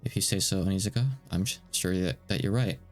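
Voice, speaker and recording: A desperate detective haunted by the people he killed, read by a man translating a game live, in a low, gravelly voice. He stammers and halts through his words. Faint music runs underneath. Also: expressive. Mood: despairing. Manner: halting, stammering confession. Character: guilt-ridden male detective turned killer, desperate.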